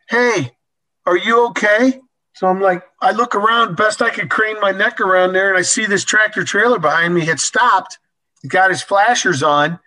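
An older man spins a casual story in a folksy, animated way, chuckling between lines. His voice is high for a man, bright and forward. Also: rough recording. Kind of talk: casual anecdote.

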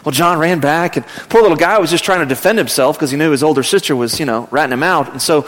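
A man's voice: a little high, fast talker. A man in his thirties, a pastor, preaching a sermon and telling a family story, sometimes raising his voice. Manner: storytelling, rising to loud acted yelling in anecdotes. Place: church sanctuary. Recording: long hall reverb.

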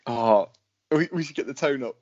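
A man co-hosting a casual podcast, chatty and quick to laugh, often restarting his sentences. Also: mid-range voice, a little mellow, dull audio. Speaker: podcast co-host.

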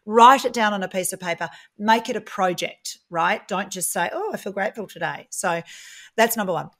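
A woman, a guest in a casual interview, telling stories in a chatty, animated way and acting out the dialogue she quotes. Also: medium pitch, moderate pace. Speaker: guest, property business founder.

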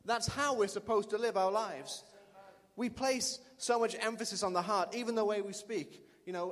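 High-voiced preaching man in a hall. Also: moderate pace, fairly bright tone. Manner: emphatic, repeats lines for the congregation. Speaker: pastor. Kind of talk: sermon. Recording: long reverb of a large hall.

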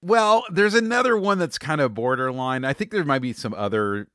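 Lively, playful male podcast co-host. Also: medium pitch, dry recording, clean studio sound. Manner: lively, jokey, drawn-out emphasis. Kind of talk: casual podcast banter. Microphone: studio microphone.

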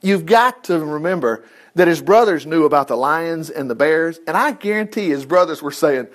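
A man's voice: a little high, expressive, normal speed. A man teaching a Bible story in a folksy, chatty way, with asides and self-corrections. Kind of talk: casual Bible-study teaching.

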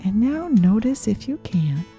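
A woman gently leading children through a breathing and mindfulness meditation, asking soft questions. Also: mid-range voice, very animated, dull audio, soft background music. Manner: slow, soothing, gently questioning. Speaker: mindfulness teacher for kids.

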